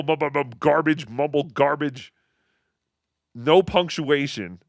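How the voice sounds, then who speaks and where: A man's voice: medium pitch, creaky, a bit bright, no echo, studio quality. A man co-hosting a podcast, talking in sarcastic, mocking casual banter. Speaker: podcast co-host.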